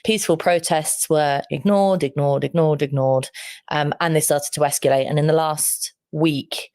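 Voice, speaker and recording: Low-voiced woman commentator. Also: steady tone, normal speed, darkish tone, no echo, clean studio sound. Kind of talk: news interview.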